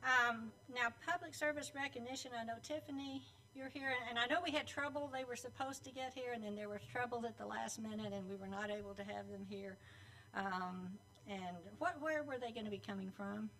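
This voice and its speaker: A woman's voice: fairly high pitch, brisk, pushed and bright, recorded from a distance, slight background noise, poor audio. Chatty woman announcing at a club meeting. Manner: chatty, teasing, calls on people by name. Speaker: club board member introducing teams. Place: meeting room at a club luncheon.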